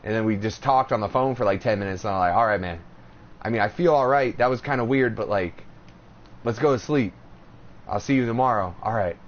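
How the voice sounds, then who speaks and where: A man hosting a podcast in casual chat, telling stories with lots of swearing and acted-out quotes. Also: on the low side. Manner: animated storytelling, profane, acts out quotes. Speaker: podcast host. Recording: dull lo-fi audio, faint noise.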